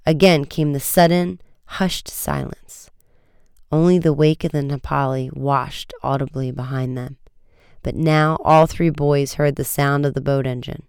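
Man reading an audiobook, steady and measured, super clean dry sound. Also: mid-range voice, clean tone, no echo. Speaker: narrator.

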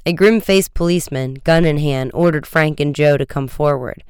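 Audiobook narrator, silky-clean voice, dry booth sound, lively storytelling. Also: mid-range voice, clear, resonant tone, no room sound. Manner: brisk, vivid storytelling with raised shouts for dialogue.

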